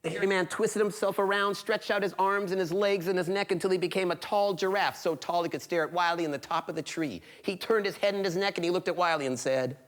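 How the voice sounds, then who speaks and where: A man's voice: sits high, steady tone, fast, few pauses, fairly bright tone. A man telling a folktale live on stage, shifting between character voices. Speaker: storyteller. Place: small concert venue stage.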